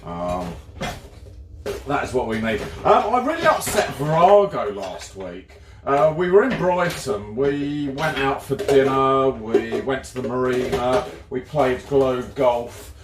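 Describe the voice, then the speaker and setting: A man's voice: mid-range voice, animated, slow pace. A British man hosting a live cooking stream, chatting casually and rambling as he greets viewers by name while he bakes in his home kitchen. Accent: British English. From Britain. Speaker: livestream cooking host. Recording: echoey kitchen with faint background noise.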